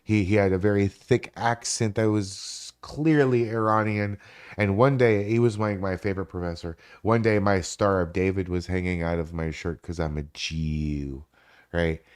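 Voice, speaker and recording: A man's voice: deep voice, normal speed, clear, resonant tone. A man in his forties hosting a live stream, rambling and swearing through casual stories. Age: 40s. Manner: rambling, profane, animated storytelling.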